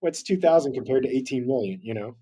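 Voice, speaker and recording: A man's voice: mid-range voice, expressive, quick pace, crowd noise. A man talking as a voice actor guest in a remote interview, reflective and rambling, laughing easily. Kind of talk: casual interview chat.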